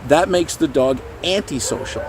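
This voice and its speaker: A middle-aged man talking casually to camera as a dog trainer, animated and breaking into goofy high voices now and then. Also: moderate pace, a little hiss or hum. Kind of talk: casual explanatory talk to camera.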